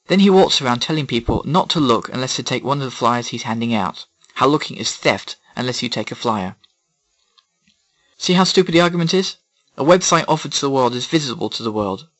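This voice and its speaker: Sarcastic man, scripted rant, mid-pitched voice, dull lo-fi sound. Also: a bit bright. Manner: sarcastic, ranting. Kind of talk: scripted opinion monologue.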